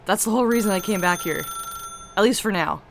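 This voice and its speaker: A woman's voice: mid-range voice, quick pace, background noise. A woman streamer giving chatty, giggly commentary over a game. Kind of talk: casual gameplay commentary. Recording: stream audio with game music behind.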